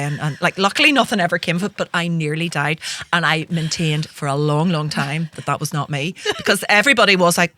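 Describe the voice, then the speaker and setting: A woman's voice: lowish voice, fairly quick. A Northern Irish woman in her forties hosting a comedy podcast, telling stories with lots of laughter. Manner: animated storyteller, laughing often. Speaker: podcast host. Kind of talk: casual comedic chat.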